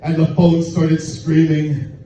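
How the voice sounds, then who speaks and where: A man doing crude stand-up at a bar open mic, telling a raunchy story in a deadpan way. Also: a little high, slow pace. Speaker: stand-up comedian. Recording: echoey, distant, muffled room recording with noise.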